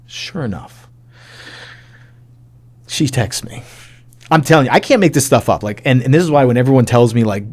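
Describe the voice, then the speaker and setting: A man in his forties, an army sergeant major, telling a personal testimony in a casual, animated way, acting out the dialogue and talking with lots of fillers. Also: mid-range voice, moderate pace, pauses often. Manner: animated, acts out quoted dialogue; casual, many fillers like "like" and "you know".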